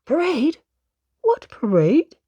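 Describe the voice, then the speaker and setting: A woman playing a fretful old gentleman rabbit. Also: high-pitched, wildly swooping pitch, takes it slowly, dry recording, dull audio, pitched above the performer's own voice, exaggerated voice.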